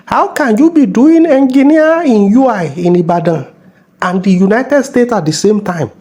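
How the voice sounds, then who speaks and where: A man's voice: high-pitched, animated, moderate pace, warm tone. A man with a Nigerian accent playing a bossy, mocking middle-aged police officer in a comedy skit. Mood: scolding. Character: bullying middle-aged male traffic cop.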